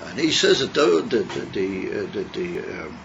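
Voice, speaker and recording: A man teaching a Chassidus class, halting and repeating words as he explains, mixing in Hebrew terms. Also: low-pitched, very animated, gravelly, fairly bright tone, a little hiss or hum. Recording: muffled class recording.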